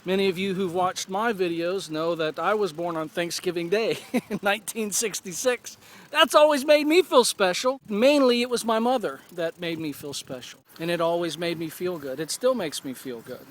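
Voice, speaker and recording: A man in his forties speaks in a reflective personal vlog, earnest and unhurried, often pausing to gather his thoughts. His voice sits fairly high for a man. A faint hum of background noise runs beneath him. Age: 40s. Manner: earnest, thoughtful, with pauses and restarts. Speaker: vlogger.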